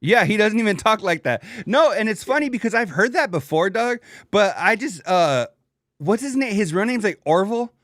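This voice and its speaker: A man's voice: sits high, very animated, moderate pace, a bit bright, dry recording, studio quality. A man co-hosting a podcast in casual, slangy chat, laid-back and laughing often. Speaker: podcast co-host.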